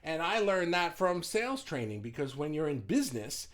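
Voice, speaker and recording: A man's voice: fairly high pitch, very animated, normal speed, fairly bright tone. A middle-aged man and business owner giving casual motivational advice, blunt, swearing freely and often restarting his sentences. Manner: frequent restarts and stumbles.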